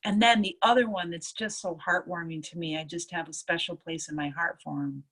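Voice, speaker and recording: A woman nurse telling stories from her work in a casual interview, lively and acting out what others said. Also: lowish voice, brisk, breathy edge. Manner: lively storyteller, acts out others' lines. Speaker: nurse and EFT tapping practitioner.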